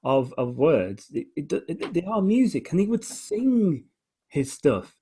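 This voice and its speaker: A man talking through the form of a poem in a relaxed conversation, hesitant and full of restarts, slowing right down whenever he reads lines aloud. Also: on the high side, breathy edge. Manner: hesitant, with many restarts, slows right down when reading verse aloud. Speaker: guest discussing poetry. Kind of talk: relaxed conversation, explaining verse.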